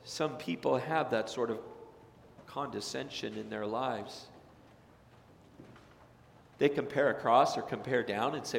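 A man preaching a sermon as pastor, dramatic, acting out quoted voices and swinging between loud and soft. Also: mid-range voice, unhurried, creaky, pauses often, slight background noise. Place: church sanctuary. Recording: echoey hall with long reverb.

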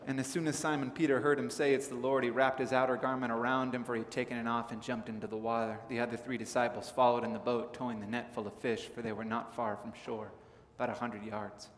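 A man from Southern California preaching a sermon in a relaxed, conversational storytelling manner. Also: medium pitch. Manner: conversational storytelling, animated in anecdotes. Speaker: pastor. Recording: echoey hall with faint ambience.

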